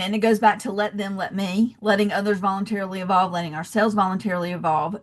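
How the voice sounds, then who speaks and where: A woman with a Southern US accent, a podcast guest who tells stories in an animated, chatty way full of "you know" fillers. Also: medium pitch. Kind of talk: casual interview chat.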